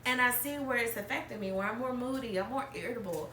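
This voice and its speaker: A woman's voice: a little high, fast, pushed and bright, a little hiss or hum. A woman from Alabama hosting an emotional personal conversation, speaking candidly and wavering between tears and laughter. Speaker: podcast host. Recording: echoey room, mic at a distance.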